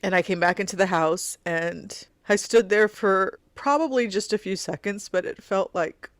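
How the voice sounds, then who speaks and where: Middle-aged woman recounting, halting and heartfelt. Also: mid-range voice, dry recording, studio quality. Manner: halting, heartfelt recounting with many fillers and restarts. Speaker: podcast host. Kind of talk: personal storytelling monologue.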